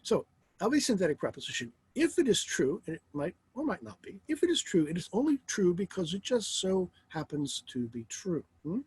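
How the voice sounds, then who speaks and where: Lively, wry male philosophy lecturer. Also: high voice, brisk, husky, rough recording. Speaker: philosophy teacher.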